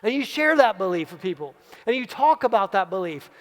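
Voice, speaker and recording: A man's voice: high-pitched, very animated, a little fast, in a large hall. A man, a leadership coach, giving a motivational keynote talk, emphatic and repeating key phrases for effect. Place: large event hall at a live retreat.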